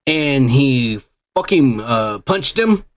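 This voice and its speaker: A man's voice: medium pitch, sing-song, slow. A man co-hosting a podcast, telling long, rambling, profane stories in casual chat. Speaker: podcast co-host.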